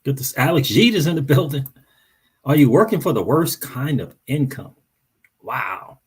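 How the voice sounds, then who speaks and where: A man's voice: mid-range voice, expressive, normal speed, breathy edge. A man hosting a crypto livestream, chatting casually, greeting viewers by name and repeating phrases. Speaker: crypto channel host.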